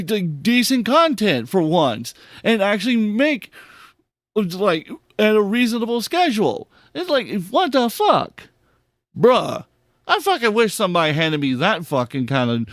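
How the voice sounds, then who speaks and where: A man hosting a podcast, reacting to clips in an excitable, heavily profane rant. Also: high-pitched, no echo, clean studio sound. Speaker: podcast host. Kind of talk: casual commentary on clips.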